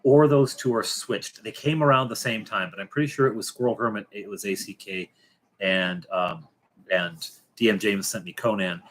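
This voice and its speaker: A middle-aged man hosting a casual late-night livestream, rambling and halting with many fillers and restarts, dropping wry, joking asides. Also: lowish voice, a bit bright. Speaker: livestream host.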